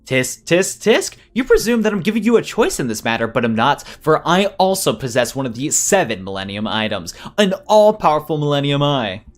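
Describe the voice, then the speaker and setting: A man voicing a smug, theatrical, wealthy villain duelist who speaks in a mocking, drawn-out way. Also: on the high side, sing-song. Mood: taunting.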